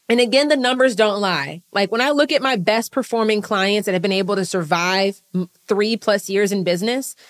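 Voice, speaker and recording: A woman business coach giving a live talk to an audience, fast and emphatic, blunt, with casual swearing. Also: mid-range voice.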